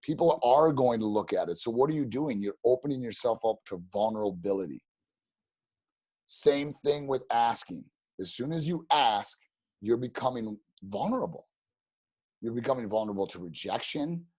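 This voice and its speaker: A man telling stories as a podcast guest, animated and rambling, with many restarts. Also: medium pitch, normal speed, no room sound. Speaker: podcast guest, real estate agent. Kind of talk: casual storytelling interview.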